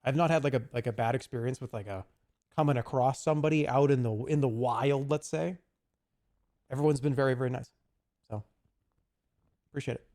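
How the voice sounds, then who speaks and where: Rambling gravelly-voiced man streamer. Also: mid-range voice, brisk, long pauses, a little mellow. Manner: rambling, profane, slips into goofy put-on voices. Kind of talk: casual stream chat.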